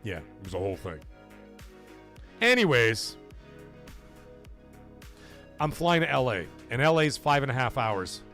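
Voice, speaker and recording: A man hosting a live gaming stream, telling a story in a swearing, animated way, getting loud and then dropping quiet. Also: mid-range voice, a little slow, long pauses, soft background music. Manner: animated, profane, swings loud and soft for effect.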